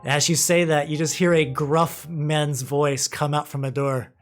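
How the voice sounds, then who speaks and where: A man narrating a tabletop game as game master, laid-back and profane, stumbling over quick restarts. Faint music plays behind him. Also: fairly high pitch, little pitch movement.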